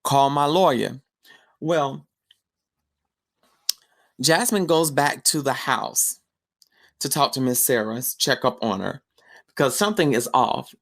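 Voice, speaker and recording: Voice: mid-range voice, animated, moderate pace. A podcast host giving a casual, chatty film review recap, telling the story with slangy asides.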